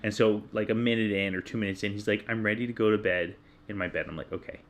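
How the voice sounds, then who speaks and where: Guy in his 30s telling a story about his kid, candid, laughs at himself, gets loud replaying his yelling. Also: lowish voice, fast talker. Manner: candid, self-deprecating, animated when retelling his own yelling. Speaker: podcast co-host. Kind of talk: casual storytelling chat.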